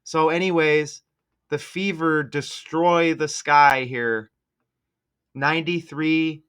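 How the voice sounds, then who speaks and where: Man, casual video commentary, sarcastic, smooth clear voice, unhurried delivery. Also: on the high side, fairly bright tone. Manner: sarcastic, conspiratorial number-cipher talk. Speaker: sports commentary video host. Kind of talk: casual commentary over game footage.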